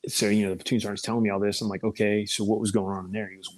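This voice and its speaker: Laid-back low-voiced male storyteller. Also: racing, few pauses, low-quality recording. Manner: laid-back, swearing, animated when quoting others. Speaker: guest, former first sergeant. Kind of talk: casual storytelling.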